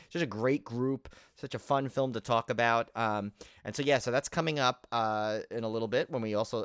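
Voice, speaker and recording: A man's voice: mid-range voice, clear, resonant tone, no room sound, clean studio sound. A man co-hosting a podcast, rambling enthusiastically with frequent fillers and restarts. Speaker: podcast co-host. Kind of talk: casual chat.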